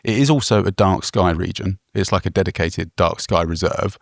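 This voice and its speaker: A man's voice: sits low, normal speed, vocal fry, no echo, studio quality. A man co-hosting a travel podcast, telling a rambling, self-deprecating story with small chuckles. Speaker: podcast co-host.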